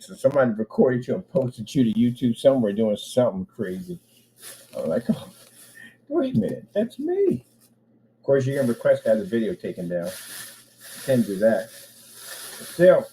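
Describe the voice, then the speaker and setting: A man's voice: mid-range voice, warm tone, a little hiss or hum. A man vlogging casually from an office room, rambling and chatting to himself and his pet.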